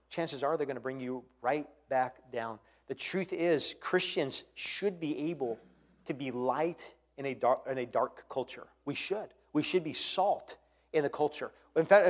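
A man preaching a sermon, swinging between quiet, earnest passages and loud, impassioned ones. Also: fairly high pitch. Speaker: pastor.

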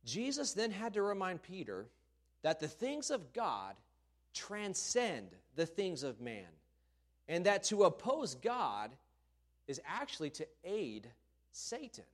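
A man's voice: sits high, very animated, slow pace. A man preaching a sermon, telling a story emphatically and expressively.

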